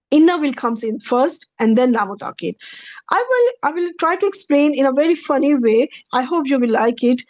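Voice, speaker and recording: A woman's voice: fairly high pitch, darkish tone, dry recording, poor audio. Patient woman teaching a grammar lesson. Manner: patient, repeats each translation several ways. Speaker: Quranic Arabic teacher. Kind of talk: recorded grammar lecture.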